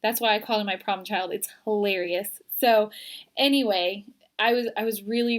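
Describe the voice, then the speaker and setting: A young woman giving a casual, earnest pregnancy update to her viewers. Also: medium pitch. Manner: chatty and earnest, emotional, near tears at the end. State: twenty weeks pregnant. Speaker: vlogger.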